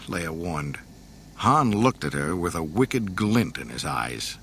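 A man with a fairly low voice narrates a storybook, his pitch rising and falling with lively drama. A faint hiss sits under the recording. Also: slow. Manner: dramatic, expressive reading.

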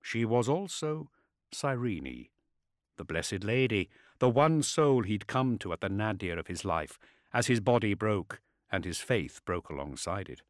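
Male narrator, audiobook, deep-ish voice, lively intonation, dry close sound. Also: measured pace, no echo.

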